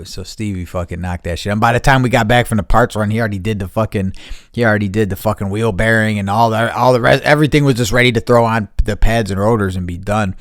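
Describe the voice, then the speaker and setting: A man's voice: on the low side, dry recording, clean studio sound. A man hosting a podcast, telling a long story in casual, rambling fashion and swearing constantly. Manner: rambling, heavy swearing, laughs mid-story. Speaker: podcast host.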